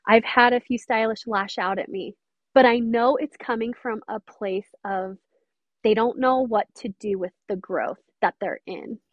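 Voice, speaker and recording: Earnest woman mentor, slightly high voice. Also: unhurried, dry recording, lo-fi sound. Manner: earnest, emphatic, quotes others often. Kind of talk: interview conversation.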